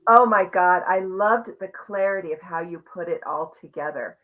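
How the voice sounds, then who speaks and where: A woman hosting a live online conversation, sharing a personal journey in an earnest, reflective, expressive way over a video call. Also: on the low side, moderate pace. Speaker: host. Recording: muffled lo-fi audio.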